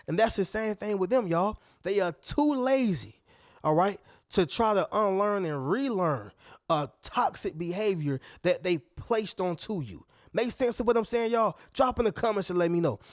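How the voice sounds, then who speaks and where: A man's voice: no room sound, studio quality. A man hosting a motivational video, talking emphatically to his viewers and often acting out what other people would say. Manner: emphatic, preachy, addresses viewers as "y'all" and "family"; acts out other people's lines in a higher voice. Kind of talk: motivational talk to camera.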